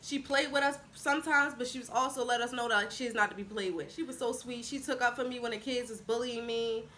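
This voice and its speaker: A woman in her twenties tells a casual storytime vlog in a high, bright voice. She is chatty and animated, acting out what people said. A faint hiss sits under the recording. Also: fairly quick. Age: 20s. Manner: chatty, animated retelling with acted-out quotes. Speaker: vlogger.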